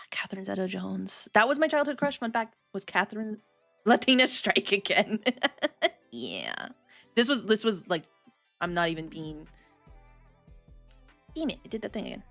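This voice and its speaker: A woman in her thirties talks on a livestream in a loose, chatty way, tripping over her words and cursing as she tells a story. Her voice sits at a middle pitch. Soft music plays quietly behind her. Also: sing-song, gravelly. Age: 30s. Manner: chatty storytelling, swearing, quick restarts. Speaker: streamer. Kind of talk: casual livestream chat.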